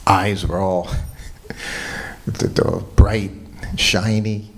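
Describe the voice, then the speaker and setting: A man giving a morning lecture at a temple, telling a personal story in a relaxed way and quoting what people said. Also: sits low, drawn-out words. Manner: relaxed anecdotal storytelling with quoted dialogue. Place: temple hall.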